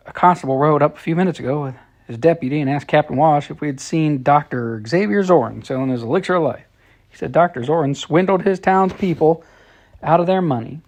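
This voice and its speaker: A man's voice: on the high side, darkish tone, close to an everyday voice. A man reading as a breathless frontier boy. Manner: hurried, out of breath.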